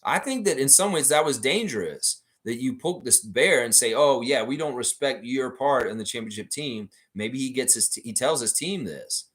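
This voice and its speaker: Animated, ranting male livestream host. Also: mid-range voice, normal speed, hardly any pauses. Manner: animated, ranting, profane, talks straight to viewers. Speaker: fan channel host. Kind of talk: livestream chat reading viewer comments.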